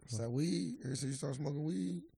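A man's voice: fairly high pitch, creaky, warm tone, breathy edge, no room sound, studio quality. A man co-hosting a podcast in casual chat, teasing and stubbornly pressing his point. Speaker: podcast co-host.

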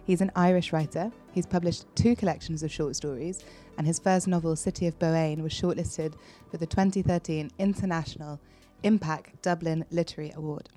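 A woman's voice: low voice, steady tone, brisk, hardly any pauses, dark tone, soft background music. A woman co-hosting a literary podcast, speaking enthusiastically about the guest. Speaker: podcast co-host. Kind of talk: casual chat.

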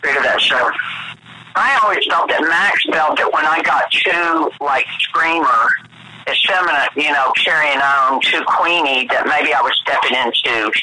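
A man's voice: on the high side, normal speed, bright, forceful tone, rough recording. A man with a Southern accent, a guest actor telling campy, chatty stories in an interview. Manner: chatty, campy storyteller, calls people honey. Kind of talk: anecdotal interview chat.

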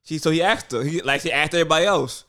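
A young man co-hosting a casual talk show, telling a story in quick slang and acting out what people said. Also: on the high side, bright, forceful tone. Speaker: podcast co-host. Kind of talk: casual banter.

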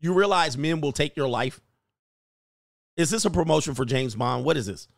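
A man's voice: fairly high pitch, lively intonation, moderate pace, vocal fry, dry recording, studio quality. A man hosting a casual livestream, joking and reading news stories aloud in slangy talk. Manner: loud, joking, slangy, reads articles aloud. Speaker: livestream host.

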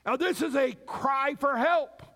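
A man preaching a sermon as pastor, with dramatic pauses and acted-out cries. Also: very high-pitched, pushed and bright.

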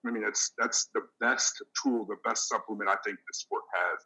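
Middle-aged man, casual podcast chat, profane, animated, bright voice. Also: lowish voice, moderate pace, poor audio. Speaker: podcast host, veteran powerlifter.

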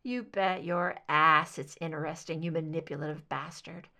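A woman's voice: low voice, steady tone, normal speed, sharp tone, voice pushed down. A woman doing a coldly furious female agent. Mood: cutting. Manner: cool, cutting. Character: bitter female FBI agent, cold fury. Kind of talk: audiobook reading of fan fiction.

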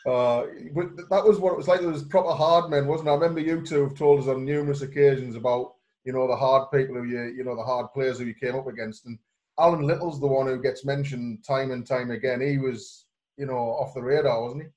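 A man hosting a relaxed chat show. He speaks at a middling pitch and nudges his guests along with questions. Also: brisk, low-quality recording. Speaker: host. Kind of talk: casual chat.

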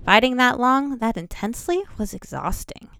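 A woman reads a fantasy excerpt aloud in measured audiobook narration. Her voice is smooth and clear, with a touch of vocal fry, at a middle pitch. The sound is close and dry, with no room echo. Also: lively intonation, fairly bright tone. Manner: measured first-person storytelling. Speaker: editor reading a book excerpt.

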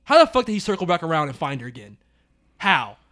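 A man in a casual movie review chat, animated and profane, breaking into loud laughter and acting out characters' lines. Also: a little high, fast talker. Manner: acts out characters' lines in exaggerated voices.

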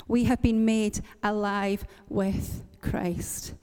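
A woman's voice: a little high, measured pace, darkish tone, in a large hall. A woman from Northern Ireland preaching a sermon, earnest and encouraging, repeating lines for emphasis. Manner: earnest, encouraging, with light laughs and repetition for emphasis.

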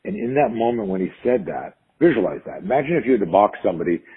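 Husky deep-voiced man telling stories. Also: fast, narrow, tinny audio. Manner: animated, acts out quotes in stories, frequent restarts and swearing. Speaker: self-defense instructor, podcast guest. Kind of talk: conversational storytelling.

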